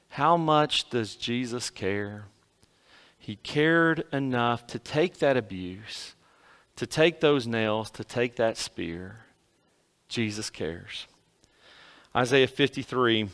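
A man preaching a sermon to his congregation, swinging from loud emphasis to hushed, quiet lines. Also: mid-range voice, slow pace, clear, resonant tone. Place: church sanctuary.

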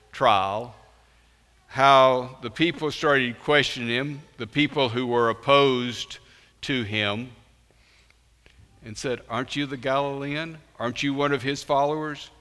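A man preaches in a church, unhurried and deliberate, leaning hard on key words with sudden loud rises. His voice is bright and forceful. It rings out with a long reverb in a large hall. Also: mid-range voice. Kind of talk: sermon.

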